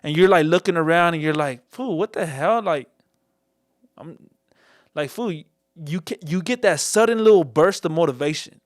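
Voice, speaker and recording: A man's voice: fairly high pitch, moderate pace, long pauses, no echo, studio quality. A man hosting a casual call-in podcast, full of street slang and calling everyone "my boy" and "fool". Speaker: podcast host taking call-ins.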